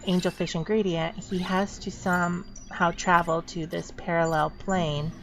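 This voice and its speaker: A woman hosting her channel, casually narrating game footage in a rambling way, full of fillers and restarts. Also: lowish voice. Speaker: channel host. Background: wind chimes.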